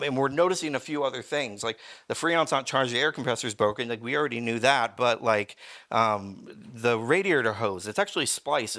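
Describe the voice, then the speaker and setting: A man's voice: medium pitch, sharp tone. A young adult man, a pastor, telling a personal story in a sermon, rambling and cutting himself off mid-sentence. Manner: rambling, self-interrupting storyteller. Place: church.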